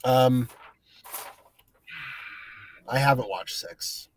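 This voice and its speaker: A man joining as a guest co-host, talking in an animated, emphatic way. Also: medium pitch, extremely slow.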